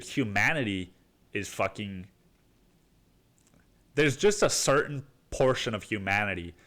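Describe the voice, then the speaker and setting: A man's voice: on the low side, a bit bright. A man hosting a solo rant podcast, swearing and rambling, saying "dude" all the time. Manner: profane, rambling, says "dude" constantly. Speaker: podcast host. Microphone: podcast microphone.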